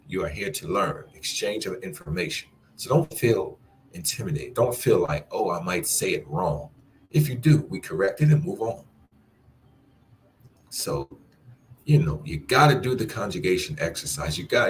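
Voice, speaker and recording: Low-voiced man teaching a language class. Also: slight background noise. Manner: encouraging, repeats phrases slowly for practice. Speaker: Spanish teacher. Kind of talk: live online language class.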